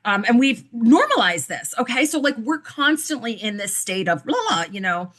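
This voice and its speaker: A woman's voice: a little high, very animated, moderate pace, fairly bright tone. A woman hosting a wellness podcast, talking casually and at length, full of fillers like "like" and "you know", dropping the odd swear word and acting out little inner voices. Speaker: podcast host, nutritionist.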